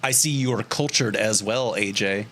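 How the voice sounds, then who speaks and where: A man's voice: fairly low pitch, unhurried, pushed and bright. A young man hosting his own art livestream, chatting casually with viewers, laughing often and swearing freely. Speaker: streamer.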